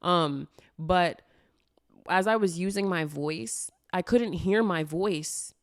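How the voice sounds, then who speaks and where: A young woman with a low, dusky voice speaks casually on a podcast. She rambles with constant fillers and speaks frankly, with a swear word here and there. The recording is close and dry, in a small room. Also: slow, no echo. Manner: rambling and candid, heavy use of "like", with swearing. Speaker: podcast host.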